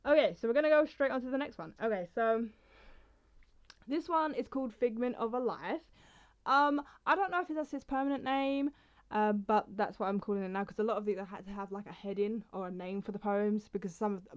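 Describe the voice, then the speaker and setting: A woman's voice: mid-range voice, fairly quick. A young woman vlogger talking casually about her poems and reading them, rambling and interrupting herself as she goes. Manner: rambling, chatty, self-interrupting. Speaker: poetry vlogger. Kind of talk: casual chat and poetry reading. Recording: slightly dull lo-fi sound.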